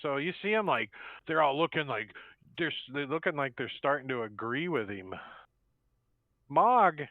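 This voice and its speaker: A man's voice: fairly high pitch, big pitch swings, normal speed, no echo. A man running an online tabletop game as game master, narrating in a loose, rambling way with fillers. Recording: tinny dry phone-like line.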